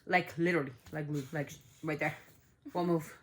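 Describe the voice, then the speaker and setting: A woman's voice: low voice, fairly even intonation, fairly quick. A middle-aged woman hosting a casual vlog, speaking earnestly and emphatically to parents, often repeating herself. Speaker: channel host, parent. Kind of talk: casual vlog talk to camera.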